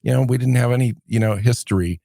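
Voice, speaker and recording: A man's voice: medium pitch, fast talker, vocal fry, dark tone, no echo, studio quality. A man in his fifties from the Seattle area, co-hosting a podcast and unhurriedly reminiscing in casual chat. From Seattle area, USA. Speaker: podcast co-host.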